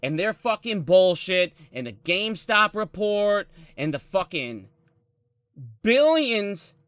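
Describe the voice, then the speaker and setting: A man's voice: sits high, big pitch swings, slow, fairly bright tone, clean tone, no echo, clean studio sound. A man in his thirties ranting on a live stream, angry and heavily profane. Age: 30s.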